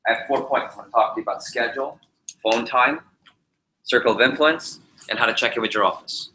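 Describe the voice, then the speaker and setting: A man leads a public speaking session before a live group, his voice bright and forceful. He varies his pace and pitch as he makes his points. The sound carries a roomy echo and a faint hum behind it. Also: brisk. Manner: animated, varies speed and pitch to demonstrate points. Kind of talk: energetic presentation to a live group. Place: meeting room with a live audience. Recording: roomy echoey hall.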